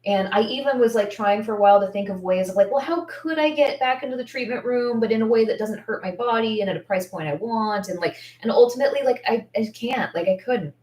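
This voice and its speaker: A woman's voice: on the high side, quick pace, few pauses, darkish tone. A woman in her thirties, an esthetician coaching others, talking casually and candidly, thinking aloud with lots of fillers. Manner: candid and heartfelt. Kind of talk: casual Q&A talk. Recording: echoey room, distant mic.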